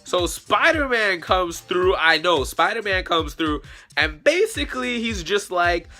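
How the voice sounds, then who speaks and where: A young man vlogger telling a comic story in a slangy, profane, animated way. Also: high-pitched, a little slow, soft background music.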